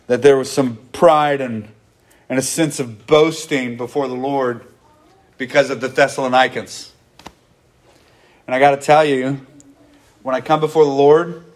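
A man preaching a sermon to his congregation, earnest and conversational, often acting out what people say. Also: mid-range voice. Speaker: pastor.

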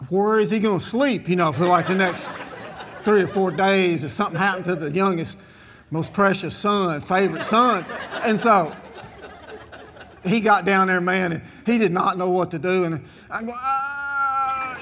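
A man telling a comic story to a live audience in a folksy, animated way, full of asides. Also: high-pitched.

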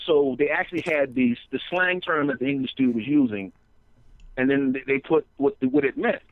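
A man guesting on a comedy podcast who tells excitable stories, trips over restarts, and slips into voices. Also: mid-range voice, moderate pace, no room sound, phone-quality sound. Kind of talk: animated storytelling on a comedy podcast.

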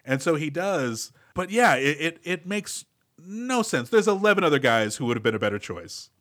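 A man's voice: on the high side, very animated, fairly quick, a bit bright. A man co-hosting a casual movie podcast, recapping scenes with wry asides. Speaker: podcast co-host.

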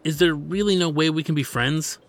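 A man's voice: on the high side, brisk, faint music behind, pitched above the performer's own voice, lightly acted. A man voicing a hot-tempered, lovesick young man, speaking with frustration. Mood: heated. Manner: heated, frustrated.

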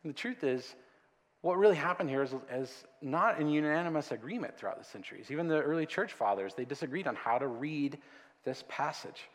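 A man's voice: a little high, expressive, fairly quick, big-room sound. A man preaching a conversational sermon as a pastor, with joking asides.

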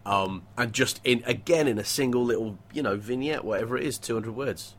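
A man co-hosting a casual book discussion podcast, talking in an animated, wry way. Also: mid-range voice, fairly quick. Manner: animated, wry, breaks into mock voices and laughter. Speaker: podcast co-host discussing a novel.

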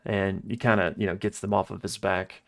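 A man co-hosting a podcast, recapping a story episode in a loose, casual way with many pauses and quoted lines. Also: low-pitched, little pitch movement, gravelly.

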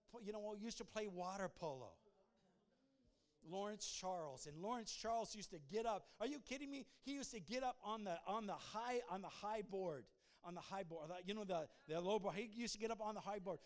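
High-voiced fervent preaching man. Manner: fervent preaching with repeated words and swings in loudness. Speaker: pastor. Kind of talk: sermon.

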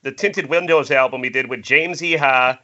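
A man's voice: mid-range voice, normal speed, sharp tone, highs cut off. A man who narrates the table read, chatting on a video call with enthusiasm and a bit of stumbling. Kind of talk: casual chat.

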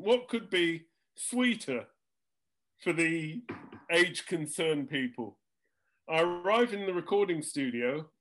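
An older man recounts a recording-studio mishap with dry comic timing. His voice sits high and swings widely as he mimics the people in the story. He takes his time over every beat. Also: a bit bright. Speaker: jingle composer telling studio stories. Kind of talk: anecdotal storytelling chat.

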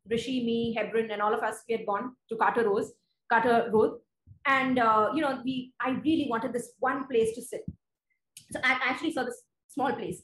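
A woman preaching a sermon, earnest and conversational, reading scripture slowly and deliberately. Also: on the high side, echoey room, slight background noise, low-quality recording.

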